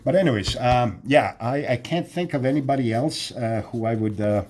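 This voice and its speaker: A man chatting casually and haltingly while drawing, with many restarts. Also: mid-range voice, darkish tone. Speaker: drawing vlogger.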